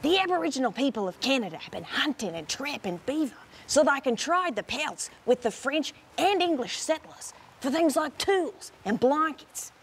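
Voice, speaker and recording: A woman's voice: high voice, moderate pace, hardly any pauses, a little hiss or hum. A woman playing a brash wildlife-show host. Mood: showy. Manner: excitable, theatrical, shifts to hushed whispers. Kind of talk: comedy sketch.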